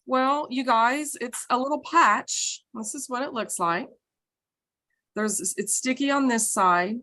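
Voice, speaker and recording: Woman, video call presenter; clear, step-by-step explainer showing an item. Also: fairly high pitch, slow, pushed and bright. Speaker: product presenter. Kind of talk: casual product explanation.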